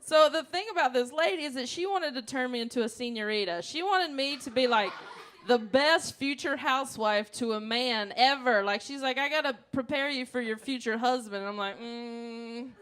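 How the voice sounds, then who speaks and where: Southern woman stand-up comic, bit high-voiced, big acted-out bits, live stage mic. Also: moderate pace, a little hiss or hum. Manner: animated storytelling with loud acted-out outbursts. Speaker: stand-up comedian. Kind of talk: stand-up comedy set. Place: comedy stage before a live audience.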